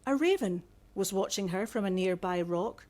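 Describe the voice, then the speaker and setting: Una autora que lee en voz alta su novela juvenil, con un tono pausado y narrativo. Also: female voice, mid-range voice, expressive, a little mellow. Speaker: author. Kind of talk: reading aloud from a novel.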